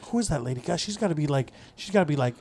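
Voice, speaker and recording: A man's voice: a little high, expressive, racing, vocal fry, a little mellow. A man co-hosting a podcast, bantering and cursing casually between jokes. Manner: joking, profane banter. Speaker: podcast co-host. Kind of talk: casual chat.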